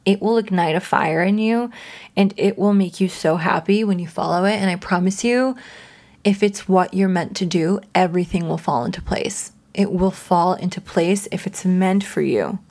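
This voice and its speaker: A woman's voice: on the low side, normal speed, a little mellow. A woman in her twenties hosting her own podcast, talking casually and earnestly, with frequent laughs. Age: 20s. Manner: bubbly, earnest, laughs often. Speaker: podcast host. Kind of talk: casual solo podcast talk.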